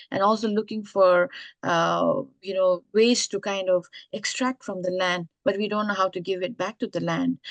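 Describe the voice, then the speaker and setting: A woman from the Eastern Himalaya telling an old folk tale in an unhurried, searching way, full of pauses and fillers. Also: medium pitch, dry recording. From Eastern Himalaya, India. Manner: unhurried, with many fillers and restarts. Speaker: speaker retelling indigenous folk tales. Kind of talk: storytelling talk.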